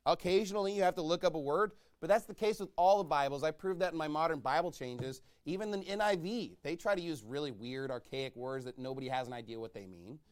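High-voiced preaching man with sudden shouts. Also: clean tone. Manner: swings between loud shouted exhortation and low quiet asides; reads scripture in slow, drawn-out cadence. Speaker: pastor. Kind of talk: sermon.

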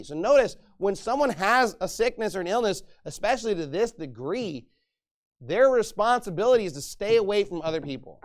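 A middle-aged pastor preaches a sermon in a high voice at a moderate pace. He is lively and conversational, acting out quoted voices and laughing now and then.

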